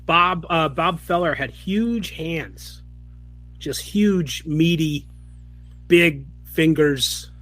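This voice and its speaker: A man co-hosting a podcast who chips in with quick jokes and comments in casual chat. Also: fairly high pitch, a bit bright. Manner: quick wisecracking interjections. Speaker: podcast co-host.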